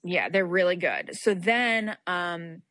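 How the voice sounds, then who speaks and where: Slow but very animated, a young woman with a lowish, fairly bright voice co-hosts a casual podcast chat. She tells stories with frequent laughter and plenty of "like," over slight background noise.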